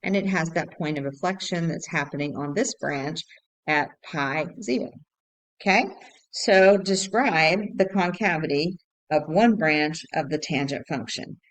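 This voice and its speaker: Woman, low-pitched math teacher, patient recorded lesson, explains step by step. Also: measured pace, poor audio. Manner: patient, repetitive, thinks aloud with fillers.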